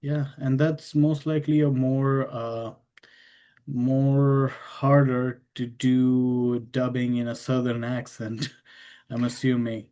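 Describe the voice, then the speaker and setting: A man's voice: medium pitch, flat delivery, slow pace, warm tone. Hesitant male interviewer. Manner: hesitant questions with laughs. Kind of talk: casual interview questions.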